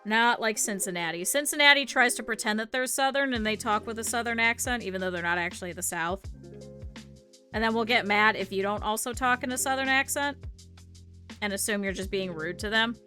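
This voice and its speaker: A woman's voice: on the high side, brisk, sharp tone, faint music behind. A young woman with a Midwestern accent chatting casually and rambling as she streams her needle-felting craft. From northern Ohio, US. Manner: rambling, chatty, thinks aloud. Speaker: VTuber streamer. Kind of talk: casual chat while crafting.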